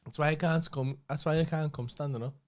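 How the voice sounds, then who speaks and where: A young man co-hosting a casual podcast speaks fast in a voice on the high side, his tone steady. He tells rambling, sweary anecdotes in a loose, chatty storytelling style.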